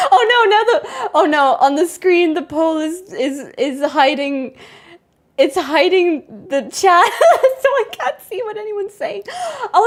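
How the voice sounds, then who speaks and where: Giggly high-voiced woman streamer. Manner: giggly and scatterbrained, laughs often; chats to viewers, thanks members. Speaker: game streamer. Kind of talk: casual live-stream chat.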